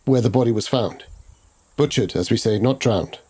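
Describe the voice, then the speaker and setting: A man's voice: medium pitch, normal speed, dark tone, breathy edge. A man playing a tabletop game, speaking in character with formal, old-fashioned phrasing. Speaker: player.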